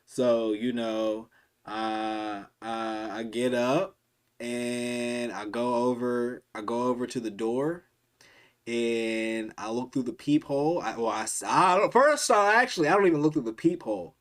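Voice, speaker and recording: A man in the middle of a long story on stream, talking loosely with plenty of slang, starting sentences over and repeating words as he goes. His voice sits at an ordinary middle pitch for a man. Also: a little slow, a bit bright. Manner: rambling, slangy, many restarts and repetitions.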